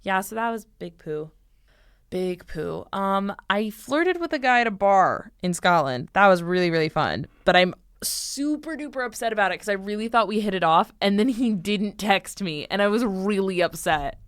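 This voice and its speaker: A woman's voice: medium pitch, moderate pace, clear, resonant tone, no echo. A young woman co-hosting a podcast, telling stories in casual chat and acting out the dialogue, recorded on a close mic. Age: young adult. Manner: animated storytelling, acting out quoted dialogue. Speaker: podcast co-host.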